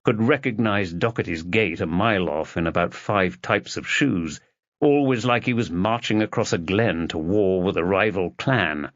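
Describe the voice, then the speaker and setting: A man narrating an audiobook in a steady, measured storytelling voice. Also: low-pitched, no echo, muffled recording.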